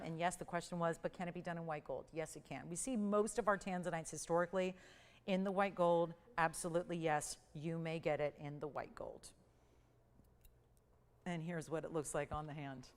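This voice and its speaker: A woman hosting a live TV jewelry sale, chatty and jokey, running auction countdowns with sudden excited jumps in her voice, recorded in a TV studio on a lapel mic. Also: brisk. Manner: chatty, animated, jokey, pitch swings up for countdowns. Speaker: shopping channel host.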